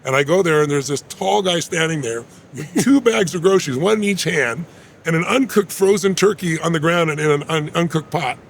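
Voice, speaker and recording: A man with a gravelly, rasping voice tells a personal story at a rapid clip. He acts out what people said along the way. His voice sits on the high side for a man. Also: slight background noise. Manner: animated storyteller who acts out quotes. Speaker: guest.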